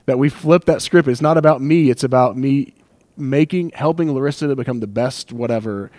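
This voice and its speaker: A man's voice: mid-range voice, brisk, a little mellow, dry recording. A man preaching a sermon as pastor, conversational and emotional, with asides and acted-out quotes.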